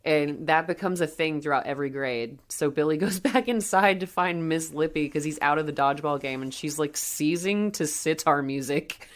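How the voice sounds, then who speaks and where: A woman in her thirties co-hosting a podcast, recapping a movie in casual, animated chat and laughing as she talks. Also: low voice, moderate pace, hardly any pauses. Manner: animated storytelling, laughs while talking. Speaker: podcast co-host.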